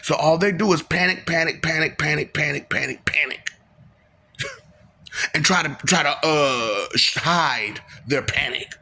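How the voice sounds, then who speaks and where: A man's voice: a little high, measured pace, sharp tone. A man, talking in a casual rambling monologue and laughing often between lines. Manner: laughs often, breaks into sing-song bits and mocking voices.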